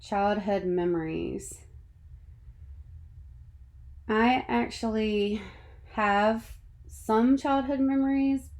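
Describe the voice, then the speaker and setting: A woman in her thirties from North Carolina, narrating a slide presentation as a student presenter in a measured, read-from-script way. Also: fairly high pitch, a little mellow. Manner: measured, reading a prepared script.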